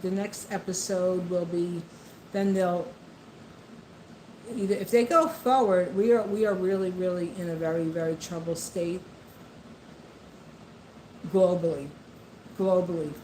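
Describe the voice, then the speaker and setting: A woman's voice: mid-range voice, warm tone, slight background noise. Impassioned woman ranting in an echoey room. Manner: impassioned, repetitive, addresses the president directly. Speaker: vlogger. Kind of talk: political commentary monologue. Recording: echoey room with faint ambience.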